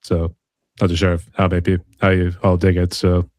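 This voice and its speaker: Deep-voiced guy hosting his podcast, super laid back, dry sound, keeps saying that whole deal. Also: completely flat delivery, brisk, darkish tone, no room sound. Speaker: podcast host. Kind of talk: casual interview chat.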